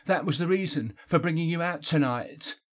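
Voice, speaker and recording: A man's voice: fairly high pitch, moderate pace, a bit bright, pitched above the performer's own voice. A man doing a pleading remorseful companion. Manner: pleading, earnest. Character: remorseful young male traitor confessing. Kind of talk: audiobook character voice.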